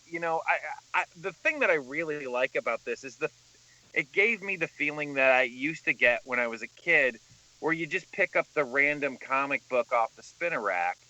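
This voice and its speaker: A man co-hosting a podcast, his voice bright and forward with lively ups and downs. He talks with eager enthusiasm. His mic sounds dull and lo-fi. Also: medium pitch. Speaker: podcast co-host. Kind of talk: casual movie review chat.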